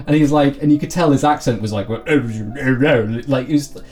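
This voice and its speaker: Guy rambling thru a movie review, mellow dark tone, keeps restarting sentences, faint music behind. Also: on the high side, very fast. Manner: rambling, many restarts and repeated words. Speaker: podcast co-host. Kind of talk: casual film review chat.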